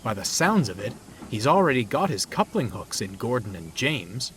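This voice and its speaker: Big steady steam engine, a guy doing it, kind but firm. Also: mid-range voice, normal speed. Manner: warm, then stern. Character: kindly, steady large male steam engine. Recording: loud background noise.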